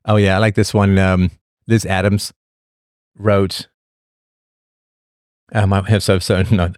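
A man with a low, deep voice hosts a casual livestream monologue, drifting from thought to thought with a sardonic edge. He restarts his sentences often, and the sound is close and dry, with no room around it. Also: flat delivery, slow, a little mellow, no room sound. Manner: rambling, sardonic, with frequent restarts. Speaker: livestream host.

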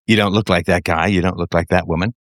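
A man hosting a call-in show, talking in a measured, reflective way with fillers and repeated phrases. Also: low-pitched, steady tone, dry recording, clean studio sound. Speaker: show host taking callers.

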